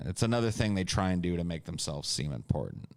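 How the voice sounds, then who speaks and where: A man's voice: deep voice, big pitch swings, fast talker, vocal fry, dry recording, studio quality. A man hosting a podcast, talking in a crude, joking, ranting way. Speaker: podcast host. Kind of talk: casual comedic podcast chat.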